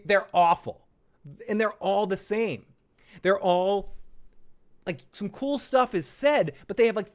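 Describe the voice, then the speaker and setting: A man with a slightly high voice rants through a TV episode recap. He swears freely, laughs at his own jokes and slips into mocking impressions of the characters. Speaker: host. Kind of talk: casual TV recap and review.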